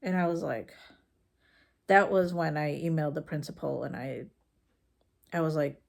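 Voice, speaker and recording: A woman vlogger telling a personal story about her son in a casual, frank way, with halting fillers and restarts. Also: low-pitched, creaky. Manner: frank and conversational. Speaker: mom vlogger.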